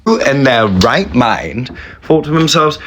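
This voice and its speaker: A man's voice: mid-range voice, big pitch swings, a little slow, fairly bright tone, slight background noise. A man ranting to his phone camera in a bemused, sarcastic way, swearing as he goes. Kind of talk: casual rant to camera.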